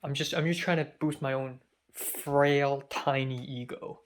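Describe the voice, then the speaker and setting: A man's voice: medium pitch, steady tone, a little slow. Chatty young man rambling. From Hong Kong. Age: young adult. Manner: chatty, self-deprecating, rambling asides. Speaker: film student vlogger. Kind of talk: casual storytelling monologue.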